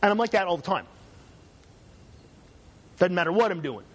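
A middle-aged male professor lecturing a class, his voice sitting a little high for a man. He talks in a dry, sarcastic way and slips jokes into his points. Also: expressive, normal speed. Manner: sarcastic, joking asides. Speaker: university lecturer.

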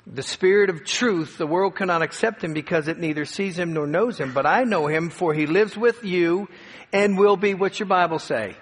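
A male pastor preaching a sermon, slowing down and building to emphatic peaks as he tells stories and reads scripture. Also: high-pitched, breathy edge. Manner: dramatic preaching with slowed emphatic phrases and rising peaks. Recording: long hall reverb.

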